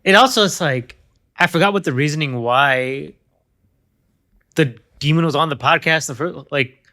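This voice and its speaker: Bright-voiced joking young man. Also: fairly high pitch, normal speed, no echo, clean studio sound. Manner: joking, laughs often, swears casually. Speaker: podcast host. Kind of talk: casual chat.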